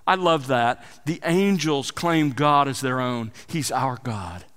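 Bright, resonant male preacher in a hall. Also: mid-range voice, slow pace, clean tone. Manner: emphatic, rising and falling for emphasis. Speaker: pastor. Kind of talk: expository sermon.

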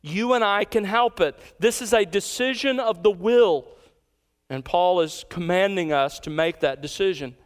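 A male pastor delivers a sermon in a fairly high, clear and resonant voice. He is emphatic and slows down to repeat his key lines.

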